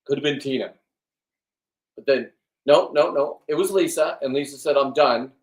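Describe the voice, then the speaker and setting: A man in his fifties, a fishing and diving vlogger, rambling in a crude, loud, joking monologue. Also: mid-range voice, normal speed. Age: 50s. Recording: roomy, from a distance.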